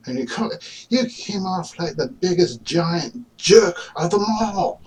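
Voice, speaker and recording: A man's voice: high-pitched, expressive, takes it slowly, a little mellow, distant mic, poor audio. A man delivering a rambling, argumentative casual monologue to the camera, full of fillers and restarts. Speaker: vlogger.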